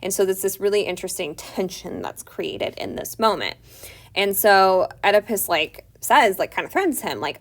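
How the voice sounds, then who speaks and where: A woman's voice: medium pitch, very animated, moderate pace. A woman teaching a literature lesson in a casual, chatty way, full of "like" fillers as she retells the story. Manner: chatty, many "like" fillers, paraphrases characters conversationally. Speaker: teacher summarizing a play.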